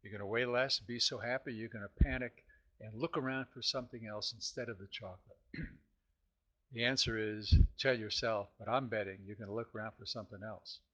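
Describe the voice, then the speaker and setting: A man hosting his own self-help podcast, talking casually to listeners, often clearing his throat and asking rhetorical questions. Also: medium pitch, sharp tone.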